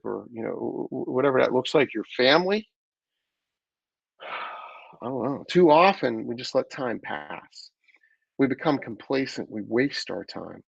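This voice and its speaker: A man gives an earnest, searching talk and stumbles into restarts as he thinks aloud. His voice has a gravelly rasp. The sound is close and dry but a little dull and lo-fi. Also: medium pitch, no echo. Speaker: host. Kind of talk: reflective weekly talk.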